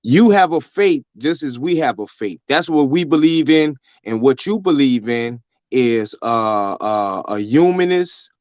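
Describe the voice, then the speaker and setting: A man's voice: mid-range voice, lively intonation, measured pace, few pauses, no room sound. A man speaking in a plain mid-range voice, preaching his side of a debate on an online panel and tripping over his words as he goes. The audio is dry and dull, like a lo-fi call line. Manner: preachy, many restarts. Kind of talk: religious debate on a live panel.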